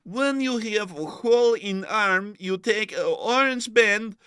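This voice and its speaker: A man doing a stiff, halting manual narrator. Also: high-pitched, animated, sharp tone, clear, resonant tone, dry recording, studio quality, pitched above the performer's own voice, exaggerated voice. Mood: instructive. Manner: halting broken English.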